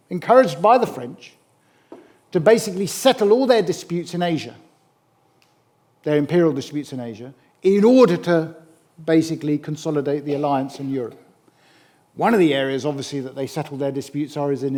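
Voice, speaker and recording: A middle-aged man giving a public history lecture, animated and emphatic, with wry asides. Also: a little high. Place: lecture hall.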